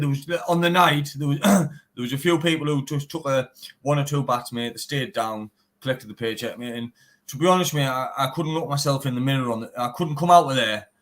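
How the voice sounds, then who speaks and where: In a casual interview, a young English bare knuckle fighter with a Teesside accent speaks bluntly, swearing often and using "mate" in almost every sentence. His voice sits at medium pitch with a fairly bright tone.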